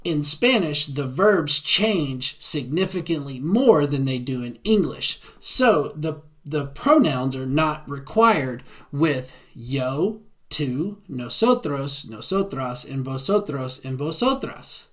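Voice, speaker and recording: A man with a Southern American accent giving a beginner lecture, often checking in with a quick "right?". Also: fairly high pitch, expressive, fairly bright tone. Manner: frequent tag "right?". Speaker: Spanish teacher. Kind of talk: classroom lecture.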